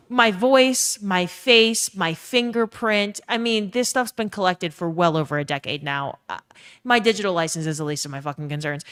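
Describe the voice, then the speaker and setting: A woman's voice: on the low side, a bit bright. A young woman with a Southern US accent chatting casually on a live stream, swearing freely and reading out chat messages. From Louisiana.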